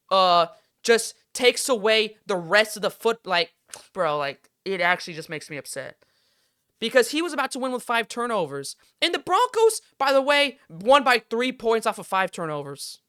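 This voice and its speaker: A man's voice: sits high, sharp tone, smooth, no room sound, studio quality. A young man hosting a sports podcast, ranting heatedly and with plenty of swearing. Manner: heated, profane, exasperated ranting. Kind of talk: casual sports rant.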